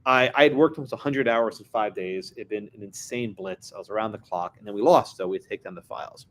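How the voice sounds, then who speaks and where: A New York lawyer gives a talk as a guest speaker, mixing lecture with storytelling, anecdotes and wry asides. His voice is lowish and fairly bright, and he speaks at a quick pace.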